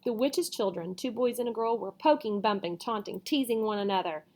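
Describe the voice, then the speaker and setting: A woman reading a storybook chapter aloud, with casual asides and quick self-corrections. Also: mid-range voice, a little mellow. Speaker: reader.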